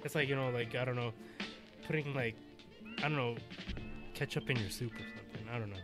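Brief: mid-pitched man, halting delivery, heavy on filler words, music underneath. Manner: halting, full of fillers like "you know" and "like". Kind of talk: casual chat.

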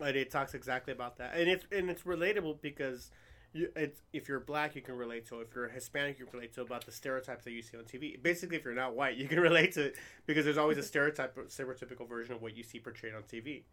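A man's voice: mid-range voice, racing, a bit bright. A man in casual conversation who talks enthusiastically, swears freely and says he is from New Jersey. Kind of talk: casual chat.

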